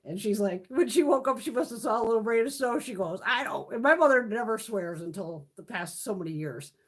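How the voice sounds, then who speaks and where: A woman's voice: on the high side, expressive, brisk. A woman in her fifties chatting casually on a live stream, rambling, swearing freely and laughing often. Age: 50s. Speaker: beauty vlogger hosting a live stream.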